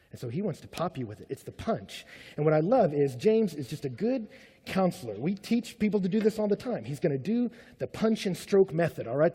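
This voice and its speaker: A man preaching a sermon in a conversational way, swinging between loud and hushed. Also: fairly high pitch, husky. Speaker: pastor. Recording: long hall reverb.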